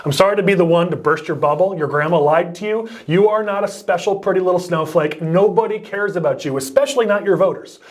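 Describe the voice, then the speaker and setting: A man's voice: high voice, fast talker, hardly any pauses. A man talking as a political campaign consultant, giving blunt, emphatic advice in short, punchy lines. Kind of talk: advice chat on a podcast-style video.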